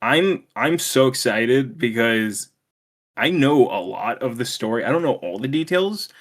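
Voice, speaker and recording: A man's voice: mid-range voice, lively intonation, measured pace, fairly bright tone. Rambling, swearing young man chatting. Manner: rambling, laughs often, swears casually. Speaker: podcast co-host. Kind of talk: casual chat.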